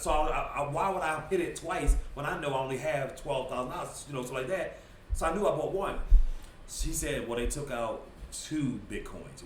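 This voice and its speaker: A man in casual conversation, spinning a story with lots of acted-out quotes and bursts of laughter. He sits a little away from the mic. The room is echoey and has a faint hum of ambience. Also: medium pitch. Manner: animated storyteller, acts out quotes, laughs as he talks. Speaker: podcast guest. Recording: roomy, slightly distant mic, faint ambience.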